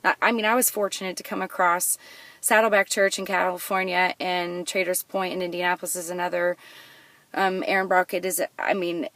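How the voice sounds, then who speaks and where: A woman vlogger who raps her own lyrics loudly and rhythmically, then talks casually about her songwriting. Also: lowish voice, little pitch movement, brisk, no echo, distant mic. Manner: loud rhythmic rapping, half-sung.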